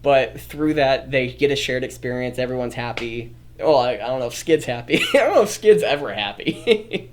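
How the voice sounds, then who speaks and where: Lively rambling streamer, thinking aloud. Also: mid-range voice, normal speed, background noise. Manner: rambling, self-correcting, often laughing. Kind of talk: thinking aloud while writing a story on a livestream.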